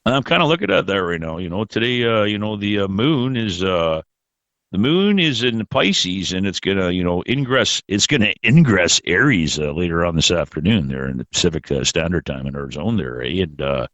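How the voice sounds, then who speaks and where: Man, lowish voice, dry close sound, rambling podcast chat, swears freely. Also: big pitch swings, moderate pace, a bit bright, dry recording, muffled recording. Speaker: podcast host.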